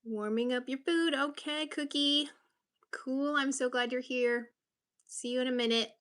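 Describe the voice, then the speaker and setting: A woman's voice: high voice, steady tone, unhurried, a bit bright. A woman from Massachusetts hosting her first livestream, chatting casually and greeting viewers by name in an upbeat way. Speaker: livestream host. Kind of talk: casual live-stream chat.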